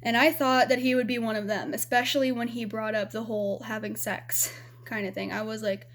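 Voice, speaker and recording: A woman's voice: fairly high pitch, little pitch movement, a little fast. A young woman from Arizona telling a personal story to her camera in a rambling, frank way, swearing freely and filling gaps with "you know". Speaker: vlogger.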